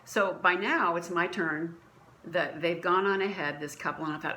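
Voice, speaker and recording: A woman's voice: on the low side, moderate pace, bright, forceful tone, slight background noise, poor audio. A woman from a church sharing a personal faith story at home, earnest and conversational, often restarting her sentences. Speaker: church member sharing a testimony. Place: at home, dining room.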